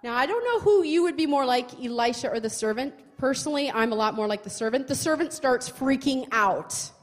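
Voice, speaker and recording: A woman retelling a Bible story in a chatty, expressive way, often asking the listener questions. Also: high-pitched, brisk. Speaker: Bible teacher. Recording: long hall reverb.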